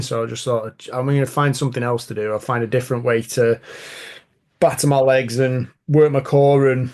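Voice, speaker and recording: A man's voice: mid-range voice, fairly even intonation, moderate pace, darkish tone. Chatty male podcast host. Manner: chatty, rambling storyteller. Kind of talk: casual podcast chat.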